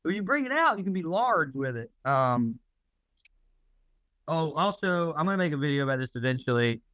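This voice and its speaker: A man's voice: fairly high pitch, sing-song, moderate pace, a bit bright, no echo, rough recording. A man co-hosting a podcast, ranting in casual, profane chat. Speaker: podcast co-host.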